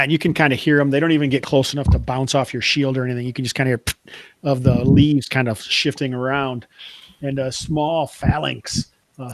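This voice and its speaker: A man's voice: mid-range voice, no echo, poor audio. A man narrating a tabletop game as game master, setting scenes loosely with many fillers.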